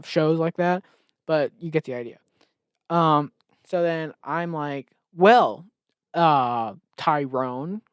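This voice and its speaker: A man's voice: a little high, clean tone, dry recording, clean studio sound. A man hosting a solo comedy podcast, rambling sarcastically and often cutting himself off. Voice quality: rambling, sarcastic, self-interrupting. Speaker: podcast host.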